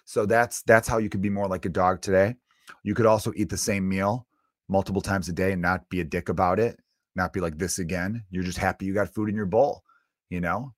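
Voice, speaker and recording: A man in his thirties, a comedian hosting his own podcast, delivering an animated, self-mocking solo rant. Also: sits low, a little fast, no room sound, clean studio sound.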